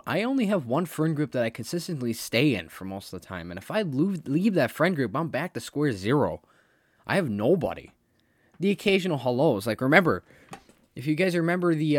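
Alone on his podcast, a young host talks in a loose, rambling monologue, blunt and full of swearing. His medium-pitched voice comes through clean studio sound with no room sound at all.

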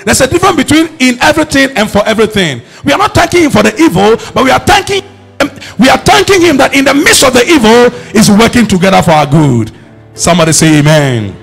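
A man preaching a sermon, emphatic and rising to shouts as he calls on the congregation to respond. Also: very high voice, sing-song, fast talker, gravelly, breathy edge, soft background music.

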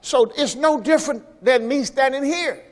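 Here the preacher's voice is very high-pitched and moves at a moderate pace. It's a pastor delivering a folksy sermon during a church service, repeating phrases and prompting the congregation to respond. The sanctuary adds long reverb.

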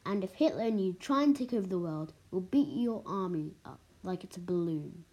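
A woman reading the lines of a confident young British soldier in a storybook, in a plain, breathy reading voice. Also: on the low side, lively intonation, normal speed, a little mellow. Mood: defiant.

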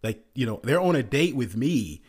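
A man's voice: mid-range voice, big pitch swings, moderate pace, a little mellow, husky. A man giving a blunt, exasperated rant in a casual commentary, often repeating himself and restarting his sentences.

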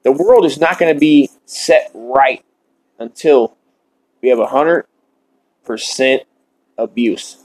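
A man hosting a podcast, delivering a shock-comedy monologue in a deadpan, mock-earnest rant while smoking. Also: medium pitch, slow, pauses often, low-quality recording. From Ireland. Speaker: podcast host.

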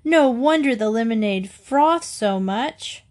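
A woman's voice: a little high, lively intonation, takes it slowly, darkish tone. A woman voicing a stubborn, determined young girl in a storybook reading. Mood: insistent.

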